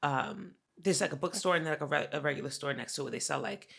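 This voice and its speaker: A woman of Haitian family co-hosts a podcast, telling a story in casual chat with a low, creaky voice at a quick pace. She's animated, swears freely, and acts out what people said.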